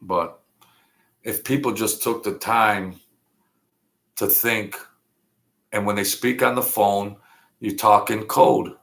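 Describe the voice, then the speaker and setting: A man's voice: lowish voice, fairly even intonation, slow, gravelly, long pauses, fairly bright tone. A man talking in a blunt, rambling monologue full of street slang. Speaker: vlog host. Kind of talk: casual monologue.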